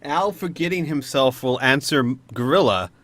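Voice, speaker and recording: A man's voice: mid-range voice, moderate pace, fairly bright tone. A man playing in a tabletop game, playful as he narrates his character. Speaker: player. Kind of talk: casual tabletop play.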